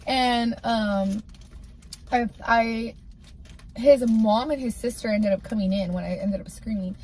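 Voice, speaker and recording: A woman's voice: on the high side, unhurried, darkish tone. A woman candidly telling a personal story in a casual storytime, rambling and filling her talk with "like". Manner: candid, rambling, heavy use of "like".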